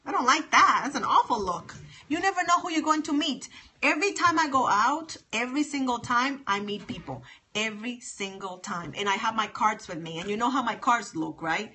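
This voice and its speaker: Middle-aged woman host, emphatic and sassy, bright and a little high; phone livestream chat. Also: brisk. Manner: emphatic, repeats her points, sassy. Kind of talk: casual livestream chat with viewers.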